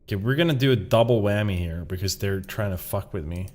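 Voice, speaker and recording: A man's voice: lowish voice, fast talker. A man streaming a game, rambling casually with jokes, swearing and frequent laughter. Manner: rambling, profane, joking, laughs often. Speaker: gaming streamer. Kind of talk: casual chat while gaming.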